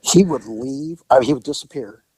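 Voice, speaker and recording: A man's voice: mid-range voice, brisk, poor audio. An older man and retired police officer, telling stories in a casual chat and acting out the people in them. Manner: animated storyteller who acts out quotes.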